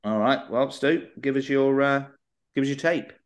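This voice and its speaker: A young adult man co-hosting a podcast rambles and hesitates through casual chat, trailing off mid-thought. His voice is medium-pitched at a normal speed.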